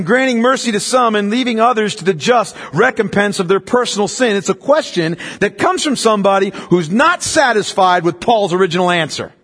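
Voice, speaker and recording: Husky high-voiced preacher in a reverberant hall. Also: male voice. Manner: emphatic preaching, drops low and quiet for stress. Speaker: pastor. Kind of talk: expository sermon.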